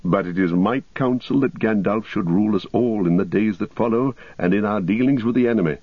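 A man voicing a grave, weary king returned from exile, speaking in a solemn, measured way in a storybook reading. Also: on the low side, no echo, close to an everyday voice. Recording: dull lo-fi recording.

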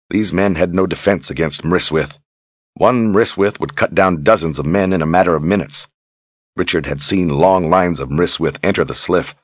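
A man reading a fantasy novel aloud in steady, measured scripted narration. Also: low voice, slightly rough, no echo. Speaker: audiobook narrator.

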